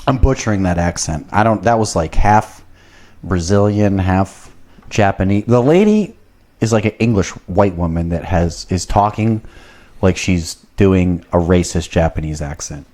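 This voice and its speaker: A male podcast host with a fairly low voice drifts from one tangent to the next in relaxed conversation. He talks loosely and curses often. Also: measured pace. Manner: rambling, heavy swearing. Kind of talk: casual chat.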